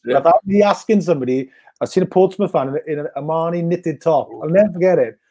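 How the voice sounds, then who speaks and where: A man in his fifties with a Welsh accent, an animated guest who acts out what people said while telling stories in casual chat. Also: a little high, quick pace, dry recording.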